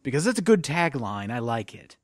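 Young man, gameplay commentary, animated, dry close mic. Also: mid-range voice, fairly quick, no room sound. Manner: chatty, jokey. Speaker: let's play commentator.

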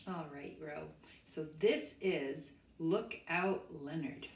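A woman reading to children at a library storytime, talking in an excited, sing-song way to the kids and a puppet. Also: fairly low pitch, moderate pace. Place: public library. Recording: echoey room.

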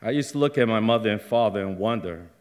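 On a theater stage, a middle-aged man tells a personal story live, his delivery slow and halting but flaring up now and then. His voice is lowish and a little mellow, with lively intonation.

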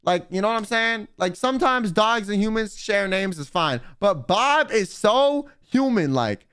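High, lively young man rambling on stream. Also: a little slow, clean tone, dry recording, clean studio sound. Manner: rambling, slangy, animated storytelling. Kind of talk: casual livestream chat. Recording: faint music behind.

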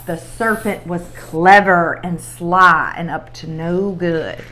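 A woman leading a children's sermon, telling a story in a playful, animated way. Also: on the low side, takes it slowly.

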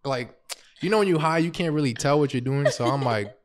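A man's voice: medium pitch, brisk, noisy background. A young man, casually telling a funny personal story as a podcast host, laughing through it. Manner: laughs through his story, animated, quotes himself.

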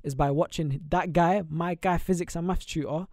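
Young male podcast co-host, slightly high voice, joking and rambling, dry close sound. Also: fairly even intonation, darkish tone, dry recording. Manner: quick, joking, rambling banter. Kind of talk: casual chat.

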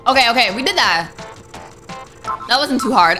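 A young woman streaming a game narrates her play to herself at a moderate pace, her fairly high voice expressive, and she jumps with nervous exclamations while game music plays behind her.

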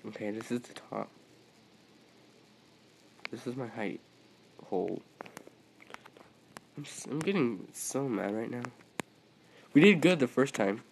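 A man at a middle pitch giving gameplay commentary, swinging between yelps and mutters as he talks to the other players. His voice sits over a faint hiss of background noise. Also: expressive, slow pace, creaky, long pauses, poor audio. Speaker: gaming video creator.

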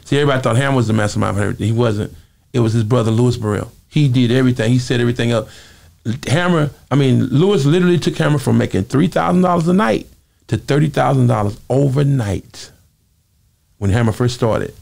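Man, very gravelly, fast-talking, casual interview storyteller. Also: mid-range voice. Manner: animated storyteller, acts out quoted voices. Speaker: interview guest, former singer.

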